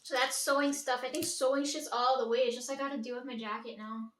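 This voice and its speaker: In a room at home, a young woman chats through a rambling daily vlog, swearing casually and saying "like" a lot. She talks fast in a high, somewhat bright voice with fairly even intonation, and the mic sits at a distance in an echoey space.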